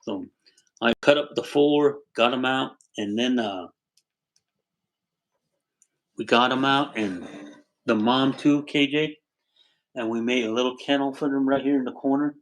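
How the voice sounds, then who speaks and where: A man's voice: mid-range voice, moderate pace, low-quality recording. Older man chatting on a home livestream. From Arizona. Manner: rambling, warm storytelling, thanks viewers by name. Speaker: livestream host. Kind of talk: casual livestream chat. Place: home with a wood stove.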